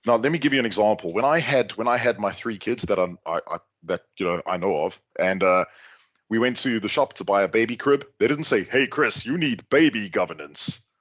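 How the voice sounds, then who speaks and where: A middle-aged South African man giving a lively, joking talk to an online audience. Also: fairly low pitch, a little fast, dull audio. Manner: lively, jokey, chatty asides. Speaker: guest speaker. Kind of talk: conference talk on a video call.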